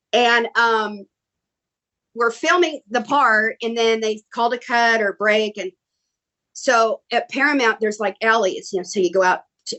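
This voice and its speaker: A middle-aged woman with a slightly high voice tells her stories in a relaxed interview. She is animated and excitable, slipping into the voices of the people she quotes. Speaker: guest actress. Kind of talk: casual storytelling.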